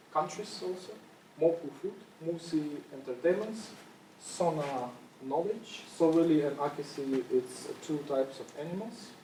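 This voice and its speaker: A man with a fairly high, darkish-toned voice delivers an informal conference talk. He restarts often, leans on fillers, phrases things loosely and coughs from time to time. Captured from a distance in an echoey space, the audio carries a faint hiss or hum.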